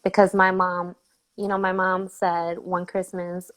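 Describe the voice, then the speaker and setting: A woman's voice: lowish voice, a little slow, low-quality recording. A woman guest telling a family story in a casual interview, acting out other people's voices as she goes. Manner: animated storyteller, acts out quoted voices.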